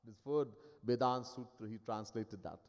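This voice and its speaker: A man's voice: mid-range voice, normal speed. A man giving a sermon as a spiritual teacher. He tells stories in an emphatic, wry way. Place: ashram hall. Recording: long hall reverb.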